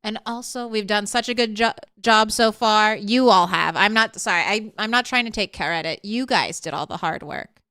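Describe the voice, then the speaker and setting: A woman's voice: medium pitch, normal speed, pushed and bright, clean tone, no room sound, clean studio sound. A woman streamer in casual live-stream chat, talking straight to her viewers. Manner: chatty, talks straight to chat.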